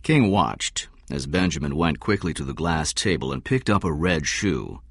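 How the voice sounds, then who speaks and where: A man narrating a story in a measured storytelling manner. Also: very deep voice, expressive, gravelly, husky, dry recording, studio quality.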